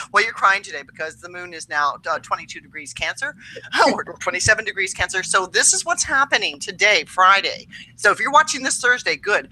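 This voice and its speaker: A woman's voice: mid-range voice, sharp tone, poor audio. A woman co-hosting a casual astrology show, reading tarot cards in a chatty, upbeat way with lots of fillers. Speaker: tarot reader co-host.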